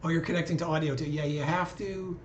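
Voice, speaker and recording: A man hosts a livestream, chatting casually with callers on a live video call in an easygoing, conversational style. His voice is on the high side and steady, and he talks fast. The echoey room adds a little hiss or hum.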